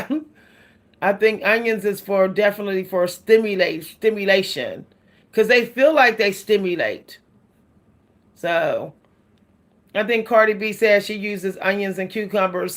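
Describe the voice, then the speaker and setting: A woman vlogging about hair care in a casual, chatty way, laughing often and calling her viewers "y'all.". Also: medium pitch. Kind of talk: casual chat to camera.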